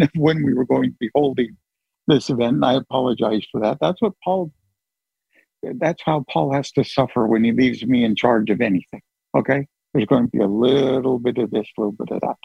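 A man's voice: medium pitch, animated, a little fast, vocal fry, husky, no echo, lo-fi sound. A man hosting a group call, chatting casually and joking at his own expense. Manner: chatty, joking, self-deprecating. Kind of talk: casual chat.

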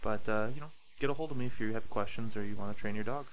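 A man's voice: fairly low pitch, quick pace, slight background noise, poor audio. A man who trains dogs, talking as a podcast guest in a laid-back way, full of "like" and swearing. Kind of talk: casual podcast chat.

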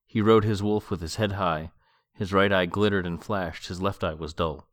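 A man with a very low voice reads a novel aloud for his podcast. His delivery is calm and measured, shifting into relaxed commentary. The sound is dry and close, with no room echo. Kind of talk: book reading and commentary.

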